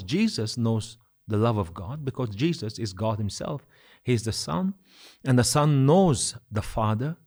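A middle-aged man from Nagaland preaches. His voice sits at an ordinary middle pitch. He stacks repeated phrases and swings between soft, drawn-out lines and loud, ringing ones. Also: husky. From Nagaland, India. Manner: emphatic, builds with repeated phrases and swings of loudness. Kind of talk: sermon.

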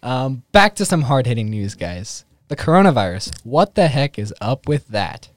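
A man's voice: mid-range voice, big pitch swings, normal speed, no echo, studio quality. A young man from Northwest Missouri co-hosting a casual podcast, laughing often and restarting his sentences. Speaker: podcast co-host.

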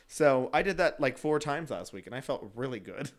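A man's voice: medium pitch, animated, moderate pace. A man in his late twenties, co-hosting a casual chat, talking freely and laughing often as he mimics other people. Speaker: podcast co-host.

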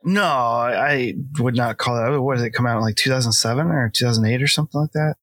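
A middle-aged man talks through a film review in a loose, rambling way, full of ums and likes and quick laughs. His voice sits at an ordinary pitch. The sound is dry and close. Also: fairly bright tone, dry recording. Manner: rambling, filler-heavy, laughs often. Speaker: podcast co-host. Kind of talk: casual film review chat.

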